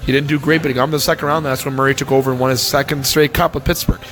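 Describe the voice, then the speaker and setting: A man's voice: mid-range voice, steady tone, rapid-fire, a bit bright. A Canadian man hosting a casual hockey talk show, rambling and opinionated as he breaks down the teams. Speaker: sports talk show host. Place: restaurant. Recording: faint music behind.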